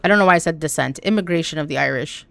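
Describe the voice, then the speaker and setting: A young woman from Canada chatting casually on a live stream while gaming, talking to her chat with an animated, swearing manner. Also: low-pitched, very fast, vocal fry. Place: home room.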